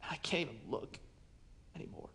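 A man preaching a sermon as a pastor, telling a personal story in an earnest way and often dropping to a hushed voice. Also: fairly quick.

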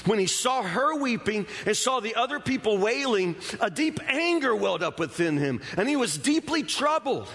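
Male pastor, sermon delivery, talky and emphatic with stammered restarts; high voice, long church reverb. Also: sing-song, normal speed, few pauses, fairly bright tone.

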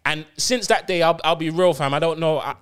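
A man's voice: brisk, clear, resonant tone. A man casually telling a story on a podcast, full of slang and acted-out quotes. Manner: animated, slangy, acts out quotes with big pitch jumps. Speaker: podcast co-host.

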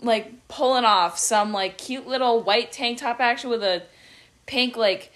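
A woman's voice: a little high, unhurried, a bit bright. A young woman hosting a casual chat, bubbly and slangy. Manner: bubbly, slangy, laughs often. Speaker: host.

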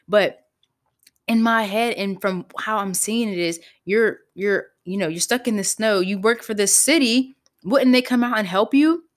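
A young woman hosting a podcast, telling a personal story in a candid, animated way, swearing freely. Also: medium pitch. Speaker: podcast host. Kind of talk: casual storytelling.

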